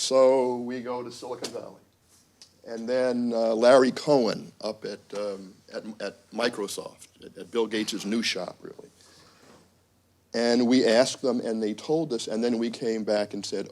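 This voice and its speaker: A man's voice: mid-range voice, moderate pace. Man telling a wry story as dean. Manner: storytelling, wry asides, animated quotes. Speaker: university dean. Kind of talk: symposium speech with anecdotes. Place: conference room.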